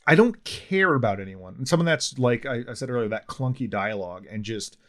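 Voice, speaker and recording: A man's voice: mid-range voice, lively intonation, brisk, fairly bright tone. A man with a mid-range voice co-hosts a casual podcast. He talks bluntly and a bit ramblingly about a film. He fills his sentences with "like" and restarts. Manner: rambling, blunt, many fillers. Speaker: podcast co-host. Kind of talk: casual film review chat.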